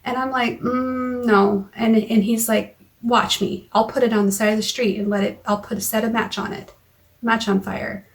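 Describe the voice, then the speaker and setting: A woman vlogging into her phone, recounting a frightening argument in a halting way, with many restarts and quoted lines of dialogue. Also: on the high side, fairly even intonation. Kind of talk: personal recap vlog. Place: car or home.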